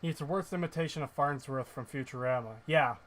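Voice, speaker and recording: A male streamer riffing over a game in a loose, ranting way. He is blunt and sarcastic and swears freely. His voice sits slightly high. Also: brisk, fairly bright tone. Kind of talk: casual ranting commentary.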